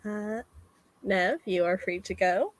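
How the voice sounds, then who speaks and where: A woman narrating a tabletop game as game master, giving calm rulings. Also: mid-range voice, slow.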